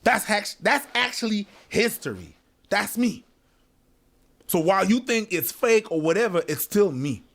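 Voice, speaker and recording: A man with a high, very animated voice that leaps up and down in pitch. He talks bluntly in a casual discussion and swears freely. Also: a little slow. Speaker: guest in a discussion video.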